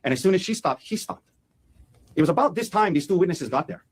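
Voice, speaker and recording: A man talking quickly in a husky, slightly raised voice. He lays out an opening statement to a jury in an animated way and acts out what people said as he goes. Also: sits high, rough recording. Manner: fast, animated, acts out quotes. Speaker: defense attorney.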